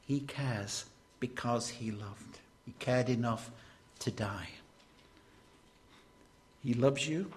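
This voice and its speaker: Slow-preaching man. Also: medium pitch. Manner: slow, deliberate preaching with sudden emphatic rises. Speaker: preacher and hospital chaplain. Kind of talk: sermon.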